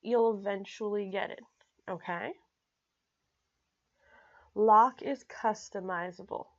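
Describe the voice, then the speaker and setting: A woman explaining personal finance in a casual, energetic way, often checking in with "okay?" and speaking bluntly and emphatically. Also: medium pitch, slow pace, highs cut off. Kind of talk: casual explanatory talk to camera.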